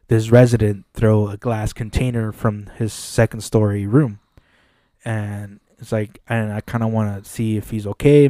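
A man's voice: fairly low pitch, no echo, clean studio sound. A man co-hosting a podcast who tells a work story in casual chat, acting out the quoted lines and swearing often. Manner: animated, acts out quoted dialogue, frequent swearing. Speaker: podcast co-host. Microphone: studio mic.

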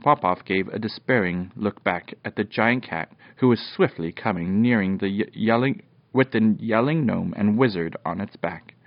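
A father reading a children's storybook aloud at bedtime, animated, with occasional slips and restarts. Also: lowish voice, normal speed, dry recording. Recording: dull, dry lo-fi home recording.

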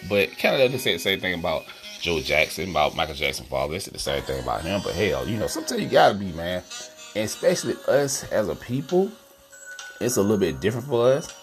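A man with a very low voice hosts a podcast, reviewing a film in a relaxed, slangy way and addressing his listeners directly. Music plays clearly behind him. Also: quick pace. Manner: laid-back, slangy, talks to listeners as y'all. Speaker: podcast host. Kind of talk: casual movie review chat.

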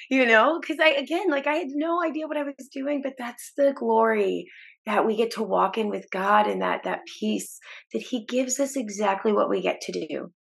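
A woman's voice: fairly high pitch, moderate pace, vocal fry, a bit bright. A woman telling her faith testimony as a podcast guest, earnest and emotional, with restarts and short laughs. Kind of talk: personal testimony in a podcast interview.

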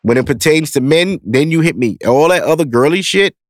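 Recorded in a clean, dry studio, a man in his thirties hosts a podcast and spins casual, profane stories, laughing throughout. His voice is fairly high-pitched and his delivery brisk.

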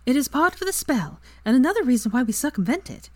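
A composed young witch who explains things in a steady, knowing way, voiced by a woman reader. Her voice sits higher than the narration. The sound is close and dry. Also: quick pace, no echo. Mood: explaining.

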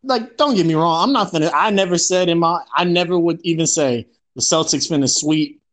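A man's voice: a little high, fairly quick, fairly bright tone. A young man co-hosting a casual sports podcast, easygoing and mock-serious. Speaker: podcast co-host.

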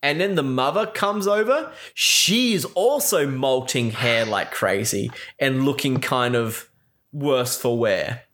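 A man's voice: medium pitch, expressive, takes it slowly, a bit bright. A man in a casual, exasperated movie recap rant, swearing a lot and saying "like" constantly. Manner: exasperated, profane, full of filler likes.

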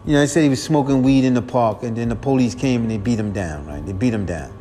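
A man's voice: medium pitch, fast, dark tone, a little hiss or hum. A man hosting a podcast, talking in a casual, rambling monologue. He sounds earnest and weary, repeats himself, and keeps calling the listener "man". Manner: earnest, repetitive, peppers lines with "man". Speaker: podcast host.

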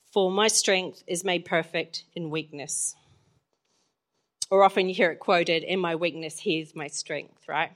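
A woman's voice: lowish voice, a bit bright. Chatty woman preaching with stories. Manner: chatty, storytelling, laughs often. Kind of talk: sermon.

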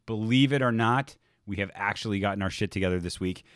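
A man's voice: lowish voice, fast talker, a bit bright, no echo, clean studio sound. A man co-hosting a podcast in casual chat, laid-back and swearing freely. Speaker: podcast co-host.

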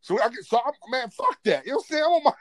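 A man telling a stand-up story, animated and profane, getting loud and laughing as he talks. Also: extremely high pitch, brisk, dry recording. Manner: gets loud and excitable, often laughing mid-sentence. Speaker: comedian.

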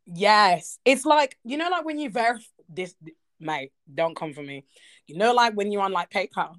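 A woman in a casual podcast chat, animated and playful, laughing often. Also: medium pitch, moderate pace.

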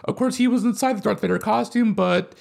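A man's voice: sits high, fairly quick, gravelly, darkish tone. A man co-hosting a podcast, chatting casually and rambling with lots of filler phrases. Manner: rambling, heavy use of "you know". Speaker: podcast co-host. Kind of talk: casual chat.

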